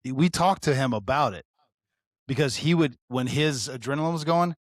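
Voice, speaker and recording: A man, a former deputy co-hosting a podcast, telling animated stories and laughing often. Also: medium pitch, normal speed, dry recording, clean studio sound. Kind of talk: casual storytelling chat.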